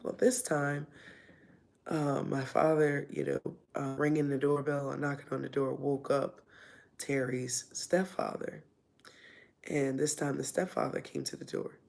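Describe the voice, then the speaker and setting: A woman tells a personal story in a casual, rambling way, full of fillers and re-enacted dialogue. Her voice has a gravelly, fry-edged texture. She keeps an even, flat pitch throughout. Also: unhurried. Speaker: vlogger telling her life story.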